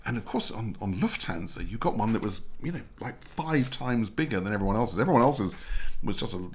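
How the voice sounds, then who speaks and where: A man in his sixties with a fairly low, expressive voice speaks a little fast as a guest in casual conversation. He is a mergers and acquisitions adviser, and he tells rambling anecdotes.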